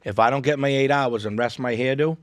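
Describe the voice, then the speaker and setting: A man's voice: medium pitch, a little fast, no room sound. A man with a Boston accent, a guest on a podcast, telling jokey, boastful stories in casual studio chat. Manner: animated storyteller, jokey and boastful. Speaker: guest comedian.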